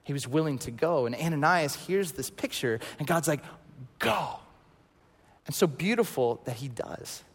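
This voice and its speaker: Pastor, 30s man, dramatic storyteller, fairly high voice, reverb of a big church hall. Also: expressive, moderate pace, few pauses. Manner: storytelling, swinging from loud to hushed. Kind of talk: sermon.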